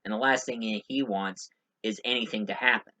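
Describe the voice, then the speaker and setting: A man's voice: fairly low pitch, steady tone, moderate pace, sharp tone. A man giving a casual spoken movie review, rambling with many fillers and restarts.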